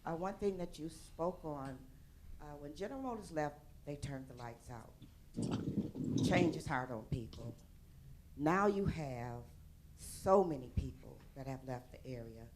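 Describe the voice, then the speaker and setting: A woman from Flint, Michigan, speaking from the audience at a panel and giving an emotional, heartfelt personal account that turns loud and strained. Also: deep voice, expressive, measured pace, noisy background. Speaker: audience member.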